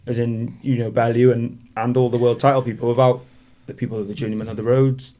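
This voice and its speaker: A man with a medium-pitched, mellow voice delivers his words flatly and fast. He's a Welsh former boxer on a podcast, casually spinning rambling stories and laughing as he goes.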